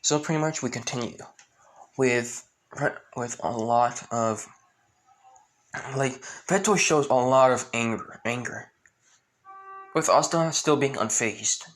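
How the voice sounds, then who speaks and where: A man tells a fan fiction story off the cuff, in a casual, rambling way. He fills gaps with the same stock phrases and often restarts his sentences. His voice sits at a middle pitch. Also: slow pace, pauses often, fairly bright tone. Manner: rambling, many fillers and restarts, keeps repeating stock phrases.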